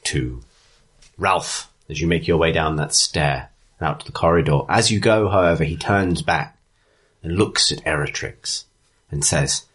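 A man's voice: a bass voice, a little slow, a bit bright, breathy edge. A man narrating a tabletop game as game master, chatty and correcting his own wording as he goes.

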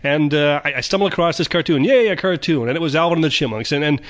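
A fast-talking man spins a loose, rambling story, tripping into stammered restarts as he goes. His voice sits a bit higher than most men's, and he rushes the words out. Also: fairly bright tone. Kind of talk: casual storytelling monologue.

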